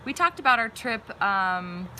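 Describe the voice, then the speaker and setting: A woman's voice: medium pitch, very animated, unhurried, bright, forceful tone, a little hiss or hum. A young woman co-hosting a casual chat show with her husband, talking in a chatty, teasing way with many fillers. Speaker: podcast co-host. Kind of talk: casual live-stream chat.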